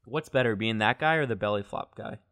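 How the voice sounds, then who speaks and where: A man's voice: lowish voice, fairly quick, a bit bright. A young man in his twenties co-hosting a podcast. He talks in a laid-back, easygoing way and keeps nudging the talk on to the next topic. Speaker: podcast co-host. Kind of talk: casual chat.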